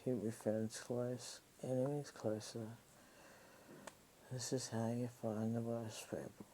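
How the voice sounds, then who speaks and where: A woman's voice: very deep voice, flat delivery, takes it slowly, mellow, slight background noise, rough recording. An Australian woman telling a personal story in a casual monologue, rambling, swearing freely and emotionally raw.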